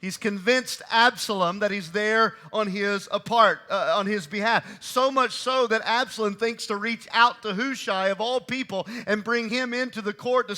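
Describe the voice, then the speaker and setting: A man preaching a sermon with a high voice. His tone is bright and ringing. He drives his points home by repeating phrases and swings between loud bursts and quiet asides. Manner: emphatic, repeating key phrases, voice rising and falling sharply.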